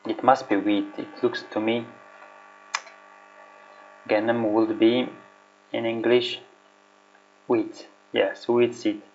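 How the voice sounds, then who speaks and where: Slow, hesitant man teaching vocabulary. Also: mid-range voice, little pitch movement, a little hiss or hum. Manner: hesitant, searching for words, repeats himself. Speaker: language teacher. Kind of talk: casual vocabulary lesson, thinking aloud. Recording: dull lo-fi recording.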